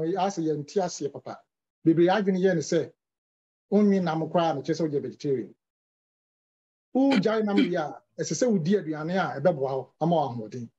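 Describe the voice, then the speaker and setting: A man's voice: high-pitched, mellow, breathy edge, muffled recording. A man answering health and diet questions from callers in an instructive, explanatory way, now and then restarting words. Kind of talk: explanatory talk with English terms.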